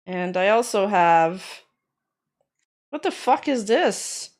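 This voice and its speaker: A woman's voice: mid-range voice, animated, slow, a little mellow. A woman streamer chatting casually while reacting to videos, her voice sore after being sick and her talk laid-back with casual swearing.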